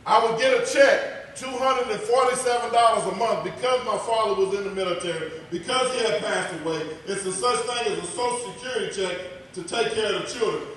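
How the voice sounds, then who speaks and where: A man's voice: high voice, fairly quick, a little hiss or hum. Dramatic man in an echoey hall. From Texas. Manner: dramatic, swings from loud to hushed. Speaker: motivational speaker. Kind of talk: personal testimony speech. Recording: echoey hall, voice far from mic.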